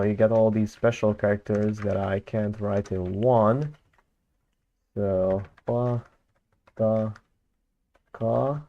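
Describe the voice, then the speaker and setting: Man on a low-fi mic, dark low voice, muses slowly and corrects himself as he goes. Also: muffled recording. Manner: thinking aloud while working, many fillers and self-corrections. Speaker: conlang creator. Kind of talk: casual screen-recorded commentary.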